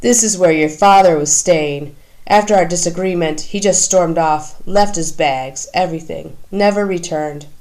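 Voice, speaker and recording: A woman reading an audiobook, voicing a kindly older Puerto Rican great-uncle who talks gently and reassuringly and mixes Spanish into his English. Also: on the low side, moderate pace, natural voice. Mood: regretful. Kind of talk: audiobook character voice.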